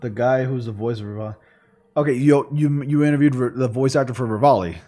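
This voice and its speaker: A man's voice: mid-range voice, quick pace, dark tone. A man hosting a gaming livestream, chatting casually in a rambling way, full of fillers. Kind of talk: casual chat while streaming. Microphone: studio condenser microphone.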